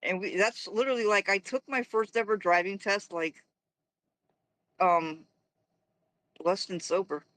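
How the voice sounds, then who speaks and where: A man's voice: high-pitched, steady tone, measured pace, pauses often, sharp tone, dry recording. A man in casual chat, telling rambling stories and laughing often.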